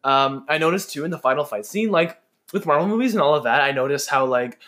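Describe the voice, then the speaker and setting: A man's voice: a little high, lively intonation, fast talker, fairly bright tone. A man co-hosting a casual movie podcast, jokey and rambling with lots of fillers. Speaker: podcast co-host. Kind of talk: casual chat.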